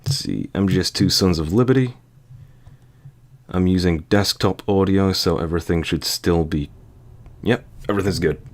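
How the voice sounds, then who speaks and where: A man's voice: low-pitched, normal speed. A man with a sore, dry throat, joking and rambling crudely while playing a video game. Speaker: game streamer. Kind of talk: casual let's-play commentary.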